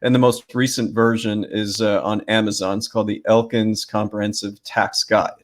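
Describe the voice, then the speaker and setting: A man's voice: lowish voice, flat delivery, moderate pace. A man co-hosting a podcast in casual banter, easygoing and laid-back, with lots of ums and likes. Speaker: podcast co-host, accountant.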